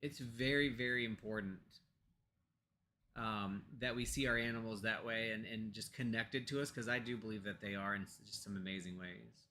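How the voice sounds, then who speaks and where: At his home computer, an American co-host of a pagan discussion show talks casually at normal speed, his fairly low voice holding a steady tone. He fills his speech with fillers and restarts and sometimes speaks softly to his pets nearby.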